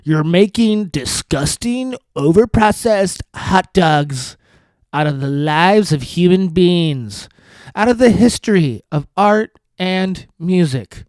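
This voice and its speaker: A man voicing an indignant woman reading out a scornful statement in a slow, drawn-out, mocking way. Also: high-pitched, no room sound, exaggerated voice.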